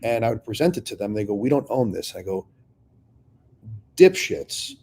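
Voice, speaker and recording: A man's voice: lowish voice, fast, dark tone, slight background noise. A middle-aged man telling his own business story in a casual, profane way, acting out both sides of past conversations. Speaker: real estate investor telling his story.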